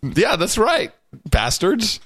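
A man's voice: high voice, wildly swooping pitch, slow, fairly bright tone, husky, no echo. A man co-hosting a casual political podcast, wisecracking and rambling with plenty of fillers. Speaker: podcast co-host.

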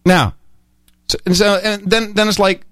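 A middle-aged man co-hosting a casual podcast, telling stories in a rambling, animated way. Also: high-pitched, a little slow, no room sound. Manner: rambling, animated storytelling, with many restarts. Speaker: podcast host. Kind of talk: casual chat.

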